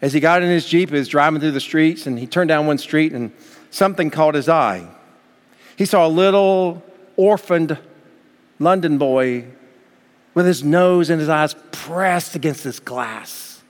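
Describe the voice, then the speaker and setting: A man's voice: a little high, measured pace. A man preaching a sermon as pastor, from the United States, building to fervent emphasis. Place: church sanctuary. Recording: long hall reverb.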